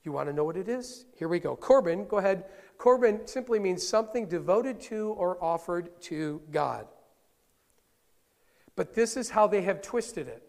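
High-voiced male pastor preaching. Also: normal speed, gravelly, long reverb tail. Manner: lively, conversational, asks the congregation questions. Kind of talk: sermon.

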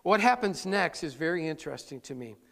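A male pastor preaching a sermon, telling the story in an animated way with frequent chuckles. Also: fairly high pitch, brisk, creaky. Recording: long hall reverb.

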